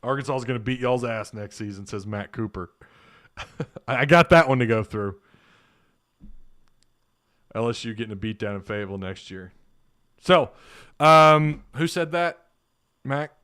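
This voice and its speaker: A man's voice: medium pitch, unhurried, pauses often, fairly bright tone, smooth, no echo, studio quality. A man hosting a casual sports live stream, reading out viewer comments, joking and laughing as he talks. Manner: laughing, joking, thinking aloud.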